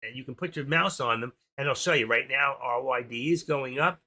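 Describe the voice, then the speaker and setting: A middle-aged man hosting a trading livestream, talking casually and fast as he walks viewers through charts and watch lists. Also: medium pitch, bright, forceful tone. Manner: rambling, talks fast while clicking through charts. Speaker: stock trading livestream host. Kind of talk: casual live screen-share commentary.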